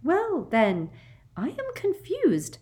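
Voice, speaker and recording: Sugary, simpering witch official, squeaky high voice, honeyed and faux-polite, swooping storybook reading. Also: wildly swooping pitch, takes it slowly, darkish tone, heavily acted. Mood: simpering sweet. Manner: falsely sweet, faux-polite. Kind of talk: audiobook character voice.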